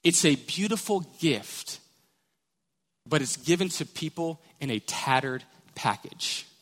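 An animated male pastor delivers a sermon with a slightly higher voice. His words ring out through the long reverb of a church sanctuary. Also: measured pace. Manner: animated, storytelling.

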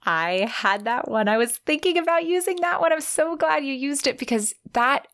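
A woman's voice: high voice, expressive, normal speed, a bit bright. A young woman co-hosting a casual book discussion podcast, reading passages aloud with enthusiasm. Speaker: podcast co-host.

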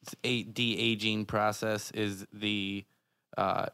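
A man on a podcast panel, talking in a hesitant, deadpan way. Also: on the low side, slow pace, creaky, clean tone, no room sound. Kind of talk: casual chat.

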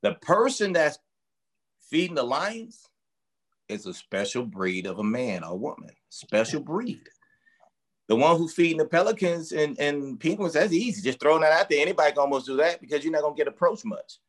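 A man's voice: on the high side, sing-song, normal speed. A man who coaches boxers, talking casually in an interview and explaining his work through emphatic, vivid analogies. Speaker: strength and conditioning coach for boxers.

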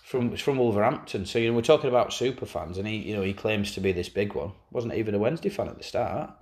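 A man's voice: fairly low pitch, fast, darkish tone. Wry, sweary man telling stories. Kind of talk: casual banter.

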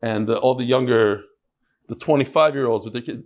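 A middle-aged man teaching a daily Talmud class with lively storytelling and quick asides. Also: mid-range voice. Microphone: on Zoom.

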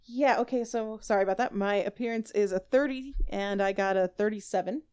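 A woman's voice: medium pitch, fairly quick, a little mellow, clear, resonant tone. A woman player in a tabletop game, talking lightly and casually.

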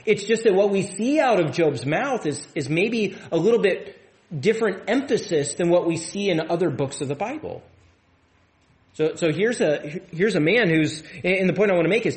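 Man preaching a conversational sermon. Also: high-pitched. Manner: conversational, repeats words and restarts often. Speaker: pastor. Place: church.

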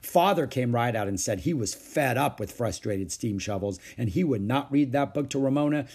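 A man reading a children's book aloud with expressive storytelling. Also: medium pitch, fairly quick, few pauses, slightly rough. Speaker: storybook reader.

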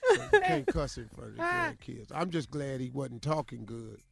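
An older male radio host in his sixties, telling a comic family story with animated delivery. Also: medium pitch, moderate pace, vocal fry. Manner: animated, shouts in acted quotes.

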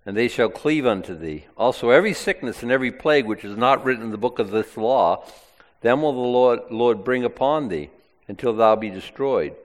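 A man's voice: medium pitch, animated, fairly quick, in a large hall. A male preacher reading aloud from the Bible and commenting on it in plain, conversational asides during a sermon.

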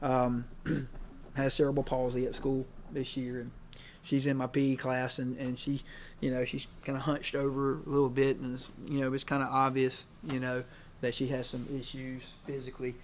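A man's voice: medium pitch, monotone, moderate pace, a little hiss or hum. Conversational male preacher, full of fillers. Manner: conversational, many fillers, gets emotional. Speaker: preacher and PE teacher. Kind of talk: sermon.

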